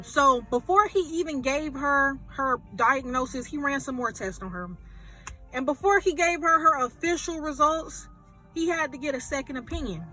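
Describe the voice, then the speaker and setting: A woman movie reviewer retelling a film plot in an animated, chatty way. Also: sits high. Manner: animated, chatty storytelling with fillers.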